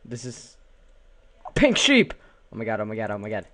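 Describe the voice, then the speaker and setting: Young man, goofy let's-play commentary, low-ish voice, keyboard clicks nearby. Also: level tone, rapid-fire. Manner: goofy, talks to the animals, repeats words in a silly chant. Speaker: gaming channel host.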